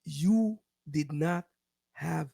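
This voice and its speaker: Gravelly blunt man cutting in. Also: fairly high pitch, very slow, mellow. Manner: interjecting, blunt, cuts in. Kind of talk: casual panel talk.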